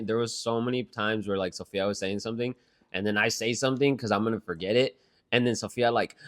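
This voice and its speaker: Low-voiced young man chatting casually. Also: fairly bright tone. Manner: loose, rambling, swears casually. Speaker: podcast co-host. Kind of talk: casual chat.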